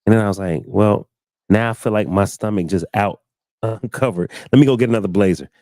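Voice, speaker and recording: Low, mellow-voiced man telling a story. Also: fairly quick, no echo, clean studio sound. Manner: animated storyteller, acts out quotes with big pitch jumps. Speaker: show host. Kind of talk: casual storytelling on a live talk stream. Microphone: studio mic, live stream.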